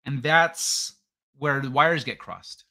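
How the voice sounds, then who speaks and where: Bright-voiced man chatting casually on stream. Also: mid-range voice, slow. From California. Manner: rambling, swears freely, reacts to chat messages. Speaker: livestream host reading chat. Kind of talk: casual livestream chat.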